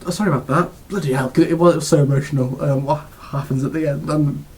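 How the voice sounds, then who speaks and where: A man's voice: a little high, steady tone, fast, warm tone. A British man giving a casual video game review, gushing and rambling with lots of restarts and fillers.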